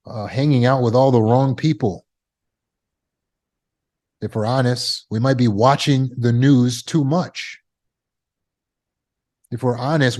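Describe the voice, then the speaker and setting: A man's voice: medium pitch, a little mellow. A man teaching trauma recovery as a coach, speaking emphatically and repeating phrases for effect. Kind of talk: motivational teaching talk.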